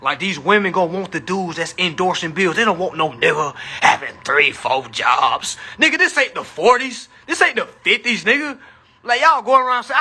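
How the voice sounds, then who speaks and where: A man with a high, very bright voice, talking on a live stream. His tone is husky and a little rough. He speaks casually and animatedly, with plenty of profanity and a preachy tone. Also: animated, moderate pace.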